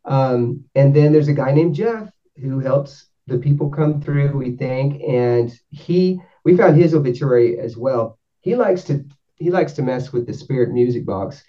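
Guy from north georgia rambling through a story, mid pitch, sounds a bit far off and muffled. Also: measured pace. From North Georgia, USA. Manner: rambling, self-correcting, animated when quoting. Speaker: guest explaining spirit sessions. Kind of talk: casual storytelling. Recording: dull, distant from the mic.

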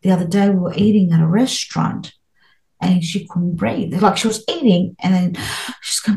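A woman's voice: on the low side, normal speed, gravelly, warm tone, low-quality recording. A middle-aged woman as an interview guest, talking earnestly and at length, with many restarts and fillers. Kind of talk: interview, spiritual experiences.

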